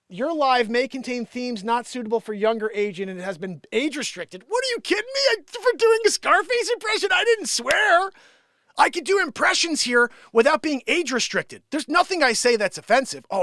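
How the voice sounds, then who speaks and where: A man hosting an improvised comedy live stream, cracking jokes and lurching between loud outbursts and hushed whispers. His voice sits high and bounces around a lot. The sound is dry and close. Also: dry recording. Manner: jokey, swings between shouting and whispering.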